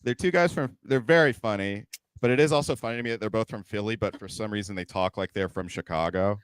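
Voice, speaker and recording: A man's voice: fairly low pitch, fast talker, smooth, no room sound, studio quality. A young adult man from the Bay Area, a comedian guest chatting casually on a podcast, joking and laughing often. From San Francisco Bay Area. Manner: jokey, laughs often, slips into silly voices.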